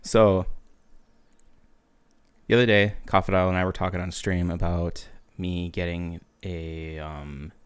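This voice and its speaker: This American podcast host, speaking in a lowish voice, tells stories in a casual chat. He is animated and profane, laughing as he goes.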